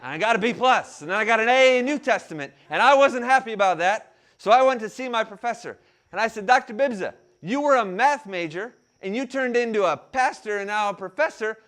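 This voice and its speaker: A man in his thirties delivers a sermon in a high, very lively voice that rises and falls with each turn of his story. He has a mild stutter and takes deep breaths to keep it in check. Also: a little fast. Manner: animated storytelling, acts out quotes. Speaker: pastor. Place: room with an audience.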